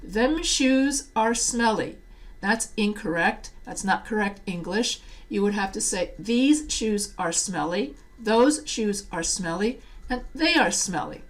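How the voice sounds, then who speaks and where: A woman writing teacher giving a quiz prep lecture, slowing down to read example sentences aloud. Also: mid-range voice, lively intonation.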